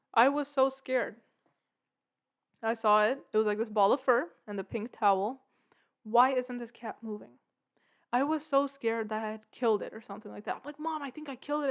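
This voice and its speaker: A woman hosting her own podcast, telling a story in a casual, rambling way full of "like" and "yeah". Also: on the high side. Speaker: podcast host.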